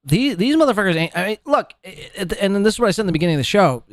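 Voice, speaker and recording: A man rants through podcast commentary, his voice sitting a little high. He is profane and scornful and rambles from point to point. The sound is dry and close, with no room in it. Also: sing-song, fast, no room sound. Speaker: podcast host. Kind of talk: ranting commentary.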